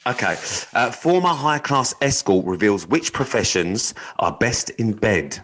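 Sweary man, low voice. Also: animated, unhurried, fairly bright tone, poor audio. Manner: sweary, joking, reads news aloud. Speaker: podcast co-host. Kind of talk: casual podcast chat.

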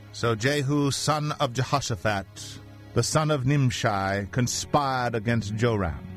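A man reads a scripture story aloud as narrator, keeping a steady, even delivery. His voice sits at an ordinary middle pitch, and faint music plays behind him throughout.

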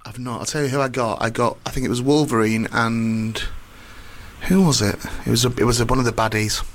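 Fast-talking radio host. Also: male voice, medium pitch. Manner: rambling, deadpan, self-mocking. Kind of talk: comic storytelling chat.

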